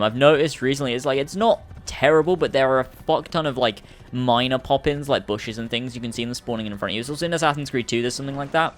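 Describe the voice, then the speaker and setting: A man's voice: medium pitch, lively intonation, fairly quick, soft background music. A young man hosting a let's play, rambling through casual gameplay commentary and swearing often.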